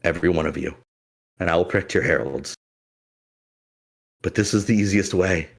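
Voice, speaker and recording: A man voicing a solemn male sorcerer who speaks gravely and apologetically. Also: low-pitched, moderate pace.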